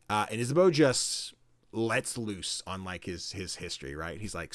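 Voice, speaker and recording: A man hosting a podcast, retelling a game story in casual chat with lots of fillers and lively swings between loud and quiet. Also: on the low side, normal speed, no echo. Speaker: podcast host.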